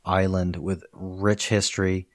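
A man with a fairly low voice talks as a podcast guest. He tells stories in a relaxed, conversational way, often breaking into laughter. The lively storytelling carries a teacher's easy confidence. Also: measured pace. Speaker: interview guest, Chinese professor. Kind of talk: casual interview chat.

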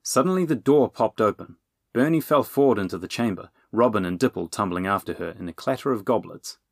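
A male audiobook narrator reading in a measured storytelling manner. His voice is low with a gravelly texture, and the recording is dry and close. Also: lively intonation, no echo. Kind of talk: scripted narration.

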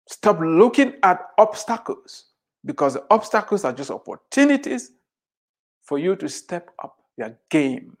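An emphatic motivational speaker addresses the crowd, hammering points home by repeating them. The delivery swings between loud declarations and quiet asides, driven by rhetorical questions. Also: mid-range voice, big pitch swings, measured pace. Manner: emphatic, repeats lines for effect.

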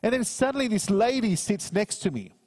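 A man's voice: sits high, lively intonation, darkish tone, long reverb tail. A middle-aged man preaching a sermon, earnestly reading scripture and telling a personal story. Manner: earnest, slows down to read scripture. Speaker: minister.

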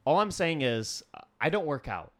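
A man's voice: on the high side, sing-song, moderate pace, fairly bright tone. A man in his thirties, guest co-host on a podcast, chatting and teasing in casual banter.

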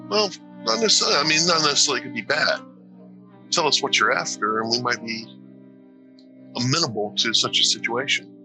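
A man's voice: medium pitch, lively intonation, a little fast, pauses often, music in the background. A man playing a tabletop game, talking in character and negotiating. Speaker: player.

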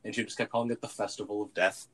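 Rambling young man, low voice. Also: little pitch movement, rapid-fire, a bit bright. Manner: rambling, heavy filler words. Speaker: conversation partner. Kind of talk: casual chat.

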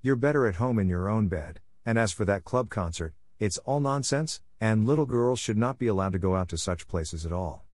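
A man's voice: lowish voice, expressive, moderate pace, few pauses, darkish tone, natural voice. A man voicing a stern older spinster who answers curtly and sarcastically. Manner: curt, sarcastic and scolding.

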